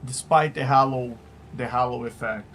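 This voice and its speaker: A man narrating as game master of a tabletop game, halting and full of fillers. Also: medium pitch, fairly bright tone, slight background noise.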